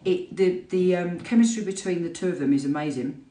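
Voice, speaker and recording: A fitness instructor, chatting candidly and with animation about self-care. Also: female voice, on the low side, a little fast, warm tone. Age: 50s. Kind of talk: casual talk to camera. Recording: roomy, voice from a distance.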